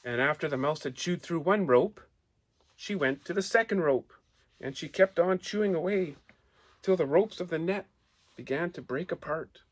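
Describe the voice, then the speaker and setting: A man's voice: fairly high pitch, normal speed. Man telling a children's story. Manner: animated, asks listeners questions; points out pictures while telling.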